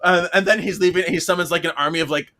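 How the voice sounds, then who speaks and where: Bright, animated man recapping a story. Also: high voice, very fast. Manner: animated, laughing often, acts out characters' lines. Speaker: podcast co-host. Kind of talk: casual chat recapping a book.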